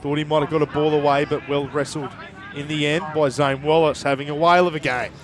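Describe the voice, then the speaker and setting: A man giving live play-by-play commentary at a local rugby league game, quick and jokey with his co-commentator. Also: fairly high pitch, little pitch movement, crowd noise. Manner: brisk, jokey banter with co-commentator. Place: outdoors at a local sports ground.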